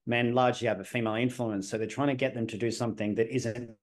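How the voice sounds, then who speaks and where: A man's voice: mid-range voice, steady tone, fast. A man hosting a casual podcast conversation, speaking bluntly and assertively in an opinionated way. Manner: sometimes swears. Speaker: podcast host.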